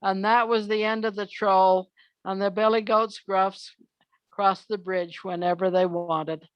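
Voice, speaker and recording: An older woman telling children's fairy tales from memory, unhurried, often pausing on "uh". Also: mid-range voice, fairly even intonation, no room sound, muffled recording. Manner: unhurried, with frequent "uh" pauses. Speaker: storyteller.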